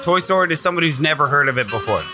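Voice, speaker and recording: Joking man co-hosting, fairly high voice. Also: expressive, very fast, over music. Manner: joking, teasing. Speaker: co-host and skit contestant. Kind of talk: casual comedy banter.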